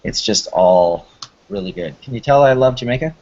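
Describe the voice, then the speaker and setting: Guy host rambling thru a story, excited, kinda muffled lo-fi sound. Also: medium pitch, normal speed, vocal fry. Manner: rambling, enthusiastic, frequent restarts. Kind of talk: casual storytelling chat. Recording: slightly muffled lo-fi recording.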